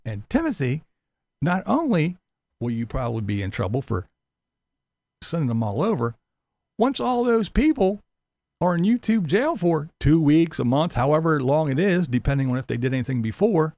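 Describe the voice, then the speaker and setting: A man's voice: medium pitch, big pitch swings, moderate pace, gravelly, a little mellow, no room sound. A middle-aged man hosting a commentary channel, talking in a blunt, profane, mocking rant and acting out silly voices. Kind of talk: ranting commentary vlog.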